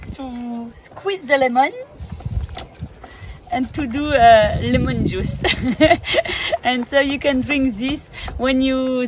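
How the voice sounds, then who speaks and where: A woman with a French accent, a native French speaker, giving casual wellness tips in a hesitant, halting way with many fillers and frequent laughs. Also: high-pitched, noisy background. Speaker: wellness coach. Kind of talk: casual instructional vlog.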